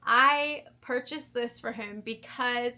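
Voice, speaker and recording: A woman in her fifties with a bright, slightly high voice, gushing with enthusiasm as she holds up and describes her purchases one by one. She speaks slowly, in a relaxed show-and-tell manner aimed at her viewers. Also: a little hiss or hum. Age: 50s. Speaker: vlogger showing a shopping haul. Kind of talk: casual show-and-tell chat.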